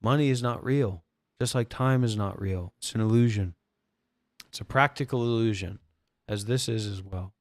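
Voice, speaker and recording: A man's voice: fairly low pitch, normal speed, no room sound, studio quality. A man who teaches spirituality, talking bluntly and profanely to viewers on a livestream. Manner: blunt and profane, acting out quoted voices.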